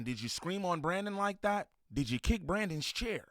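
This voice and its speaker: A man giving a loud, profane reaction commentary, mocking and heckling as he talks. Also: on the high side, animated, normal speed, no room sound, clean studio sound.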